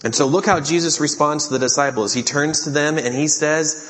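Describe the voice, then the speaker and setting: A man's voice: fairly high pitch, fairly quick, a bit bright. A man preaching an earnest sermon as pastor, reading and explaining scripture. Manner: earnest preaching, acts out the disciples' pleas. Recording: long hall reverb.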